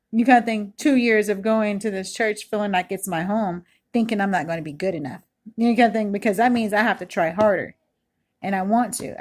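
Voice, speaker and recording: A woman's voice: mid-range voice, darkish tone. A woman in her thirties giving an earnest, rambling personal testimony at home, full of "you know" and "like", recorded close in a kitchen. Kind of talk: casual spoken testimony. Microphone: self-recorded video, close mic.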